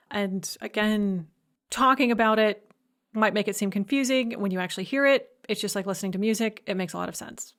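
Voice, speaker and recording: A woman's voice: medium pitch, fairly quick, fairly bright tone. A woman giving a recorded lecture, explaining step by step with enthusiasm and humming rhythms to illustrate.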